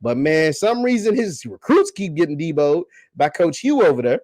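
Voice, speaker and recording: A man hosts a casual livestream chat, reading viewer comments in a slangy, teasing way that swings between loud and quiet. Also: on the high side, no room sound.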